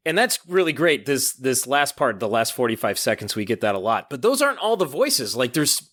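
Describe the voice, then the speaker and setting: Lively man chatting about music. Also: medium pitch, fairly quick. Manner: animated, laughs often, quotes lyrics in voices. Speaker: podcast host. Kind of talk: casual podcast chat about music.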